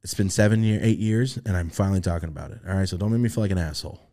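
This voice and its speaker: A young man on a podcast telling a story in casual chat, swearing freely and acting out the voices he quotes. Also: rapid-fire. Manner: animated, swearing, acts out quoted voices in a high pitch. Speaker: podcast host.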